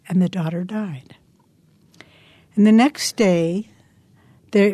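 A woman's voice: mid-range voice, dark tone, dry recording. Earnest woman giving a meditation talk. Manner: earnest, slows words down for emphasis. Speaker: spiritual teacher.

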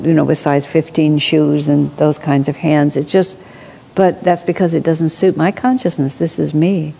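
Gravelly warm-voiced woman in reverb. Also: lowish voice. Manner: thoughtful storytelling with asides and soft laughs. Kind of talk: reflective spiritual discussion. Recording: long hall reverb.

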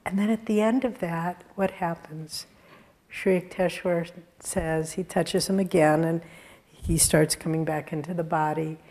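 A woman with a fairly low voice gives a sermon-style talk, unhurried and deliberate. She tells spiritual stories earnestly and warmly, with the odd soft laugh. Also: fairly even intonation. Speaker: spiritual teacher giving a talk.

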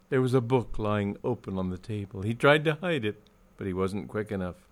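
A man's voice: lowish voice, normal speed, few pauses. Man narrating a comic story drily.

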